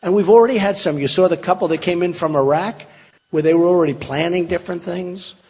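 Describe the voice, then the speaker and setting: A man's voice: sits high, fast, a little mellow, breathy edge. A man in his sixties, a political candidate giving a rambling, emphatic campaign rally speech with many repetitions and asides to the crowd. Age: 60s. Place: large hall. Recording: long hall reverb.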